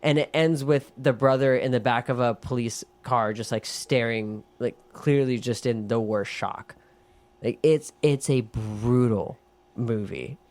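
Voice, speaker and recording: Man, podcast co-host, casual chat, animated, swears, acts out quotes. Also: mid-range voice, measured pace. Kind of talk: casual chat recapping a film.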